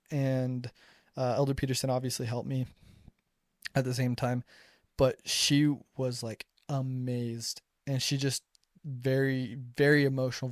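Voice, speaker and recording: A man's voice: medium pitch, a little mellow, no room sound, clean studio sound. Young man telling a chatty story. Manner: chatty, acts out dialogue, frequent restarts. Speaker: returned missionary storyteller. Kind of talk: casual personal storytelling.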